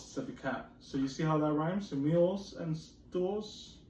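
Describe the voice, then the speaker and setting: Patient man reading to kids, fairly high voice, recorded from a distance. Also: unhurried, darkish tone. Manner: patient, explains rhymes and asks questions. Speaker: teacher reading to children. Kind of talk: read-aloud phonics lesson. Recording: roomy, distant, faint noise.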